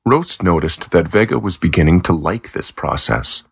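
A man reading a story aloud as narrator, steady and plain, lightly voicing the characters. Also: sits low, moderate pace, creaky, breathy edge. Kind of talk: scripted narration of a graded reader story.

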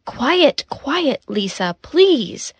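A woman voicing a nervous, scheming male bank manager who talks in a hushed, pleading way in a story for language learners. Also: fairly high pitch, lively intonation, a little slow, no room sound. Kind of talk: graded reader story for learners.

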